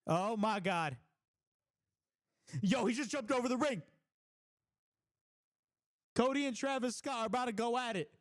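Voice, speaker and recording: A man hosting a live wrestling reaction stream, talking casually, swearing freely and bursting into exclamations and shouts. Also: very high-pitched, a little slow, pauses often. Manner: excitable, blurts exclamations and shouts at big moments.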